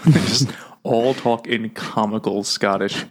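A man co-hosting a casual book podcast, tossing in quick jokes and laughing often. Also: fairly low pitch, fairly even intonation. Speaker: podcast co-host. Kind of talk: casual book-club chat.

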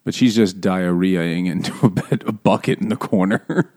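Joking low-voiced man. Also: normal speed, a little mellow. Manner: joking, laughs often. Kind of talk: casual book-club chat.

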